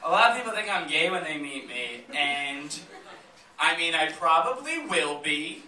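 Stand-up guy, deadpan stories then loud punchlines, echoey noisy live room. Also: on the high side, measured pace. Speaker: stand-up comedian. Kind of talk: stand-up comedy set. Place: comedy theater stage with live audience laughing. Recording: roomy, distant, noisy live club recording.

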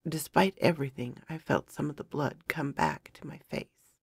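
A woman narrating a first-person fantasy story in a measured, dramatic storytelling manner. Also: low voice, gravelly, slightly rough, dry recording, studio quality.

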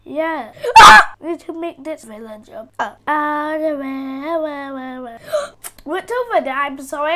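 A woman's voice: sits high, bright, forceful tone. A woman giving casual gameplay commentary, chattering to herself, easily startled and repeating phrases over and over. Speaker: gaming channel host.

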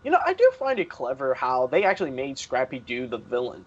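A young man chatting casually on a podcast panel, excitable and quick to laugh. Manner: excitable, laughing, jumps into high silly voices. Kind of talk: casual chat. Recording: dull lo-fi online call audio.

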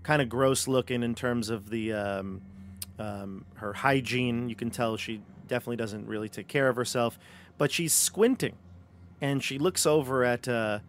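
A man's voice: mid-range voice, fairly bright tone, slight background noise. A man acting as game master on a live-streamed tabletop game, joking and rambling with many fillers.

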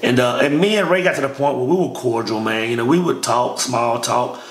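A man with a medium-pitched voice, talking a little fast, tells a long personal story about his army training. He's relaxed and slangy, calling the listener "man" over and over. The recording is from an echoey room with faint background noise.

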